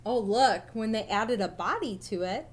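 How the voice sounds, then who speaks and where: Lively woman teacher talking to young children. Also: fairly high pitch, moderate pace, slight background noise. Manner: animated, playful, speaks directly to young children. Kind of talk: reading a picture book aloud in a recorded lesson.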